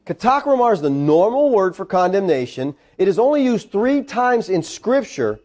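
Animated high-voiced male preacher. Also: normal speed. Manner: emphatic, animated Bible teaching. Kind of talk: sermon.

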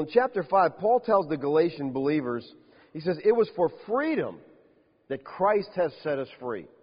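A man pastor preaching a sermon, swinging between loud emphatic declarations and quiet asides. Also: fairly high pitch, breathy edge, big-room sound, dull audio.

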